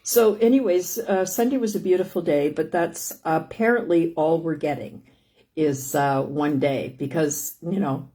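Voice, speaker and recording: Speaking slightly slowly in a low, mellow voice, an older woman hosts a live stream about life with lung disease. She chats casually and rambles, often restarting and saying "anyways."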